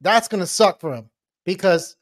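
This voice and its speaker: Male co-host, high voice, rambling and casual sports talk. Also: lively intonation, normal speed. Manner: loose, rambling, laughs often. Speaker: podcast co-host.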